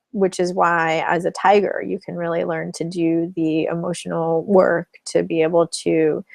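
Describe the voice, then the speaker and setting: A woman working as a relationship coach, teaching in a webinar in a calm, explanatory way and acting out example phrases. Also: on the low side, vocal fry, no echo.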